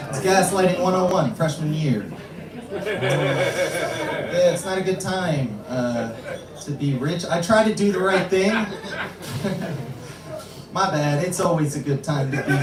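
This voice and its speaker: A young man from New York performs stand-up at an open mic with deadpan, self-mocking delivery. His voice is a bit high and very animated. He is caught from a distance in an echoey room with a loud crowd around him. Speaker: stand-up comedian. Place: small comedy club, live audience.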